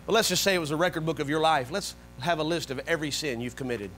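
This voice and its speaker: A man preaching a sermon as pastor, animated, swinging between soft low asides and loud high-pitched bursts. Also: quick pace, slight background noise, rough recording. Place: church sanctuary.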